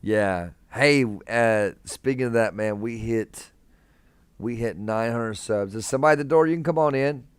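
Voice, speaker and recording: A man's voice: mid-range voice, moderate pace, clear, resonant tone, no echo. A young man hosting a casual live stream from a hospital room, chatting laid-back with viewers and calling them man and brother.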